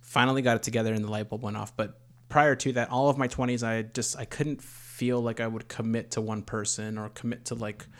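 A man in his early thirties talks in a loose, rambling way, retelling his own story with frank asides and the odd curse. His voice sits at an ordinary middle pitch, and the talk is relaxed and conversational. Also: a little fast. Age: 30s. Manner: rambling, candid storyteller with frequent swearing. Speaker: podcast host, expecting first child. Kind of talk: casual storytelling chat.

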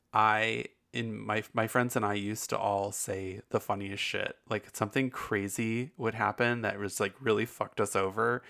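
Gravelly, low-voiced man chatting casually. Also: fairly bright tone. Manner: profane, rambling and candid. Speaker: podcast host. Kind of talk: casual podcast chat.

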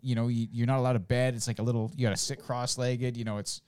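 A man's voice: medium pitch, flat delivery, quick pace, a little mellow, clean tone. A man co-hosting a podcast, telling rambling, profane stories in casual chat and slipping into character voices. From Canada. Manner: rambling storyteller, swears freely, acts out voices. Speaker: podcast co-host.

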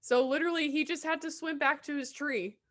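A woman's voice: high voice, steady tone, fairly quick, fairly bright tone. A woman co-hosting a casual podcast chat, playful and jokey, swearing freely. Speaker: podcast co-host.

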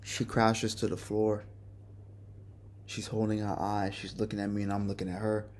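Low-voiced man, halting and remorseful. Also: little pitch movement, darkish tone, a little hiss or hum. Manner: halting, restarts, raw and remorseful. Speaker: podcast host. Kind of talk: personal confession monologue.

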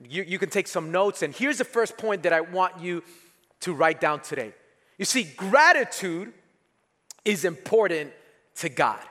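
A man's voice: sits high, expressive, a little slow, a bit bright, big-room sound. A man preaching a sermon as pastor, emphatic, repeating key phrases and leading the congregation to respond.

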